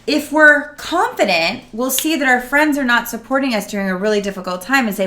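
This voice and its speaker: Bright-voiced woman coaching to camera. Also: on the high side, brisk. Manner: earnest, animated, acts out quotes. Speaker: emotional wellness coach. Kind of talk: casual talk to camera.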